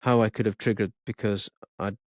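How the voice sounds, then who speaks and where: A man's voice: on the low side, flat delivery, fairly quick, no echo, clean studio sound. A man co-hosting a podcast, reading a listener's confession aloud with small stumbles and self-corrections. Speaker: podcast co-host.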